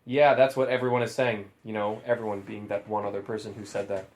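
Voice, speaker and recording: A man's voice: fairly low pitch, fairly even intonation, quick pace. A man co-hosting a comedy podcast, reading a story aloud and breaking in with sarcastic, exasperated asides. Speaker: podcast co-host.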